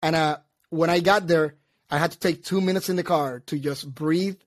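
A man telling a story in casual chat, animated, acting out both sides and laughing at himself. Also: a little high, moderate pace, dry recording, studio quality.

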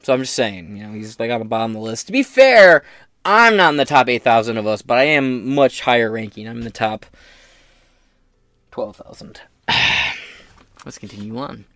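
A man's voice: medium pitch, expressive, quick pace, a bit bright, no echo, studio quality. A man hosting his own podcast, giving casual political commentary in a profane, joking, rambling way. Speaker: podcast host.

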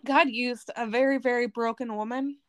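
A woman's voice: a little high, fairly even intonation, moderate pace, no room sound. A woman from Arizona, a podcast guest, telling her personal testimony in an earnest, emotional way.

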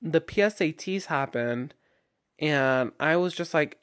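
Young male podcast host, raised pitch, chatty and rambling with constant "like"s and restarts. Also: animated, a little slow, a bit bright. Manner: rambling, chatty, heavy filler "like", frequent restarts. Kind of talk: casual solo podcast monologue.

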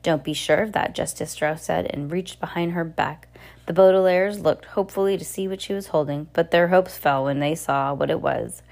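A woman reads a novel aloud in a slightly low voice. Her reading is unpolished, with small slips and self-corrections along the way. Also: steady tone, moderate pace, vocal fry, a little mellow. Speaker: reader.

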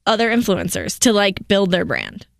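A young woman co-hosting a casual podcast chat. She rambles and restarts, with filler words everywhere. Her voice sits at a middle pitch, recorded dry and close. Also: wildly swooping pitch, moderate pace, creaky, no room sound. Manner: chatty, lots of likes and restarts. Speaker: podcast co-host.

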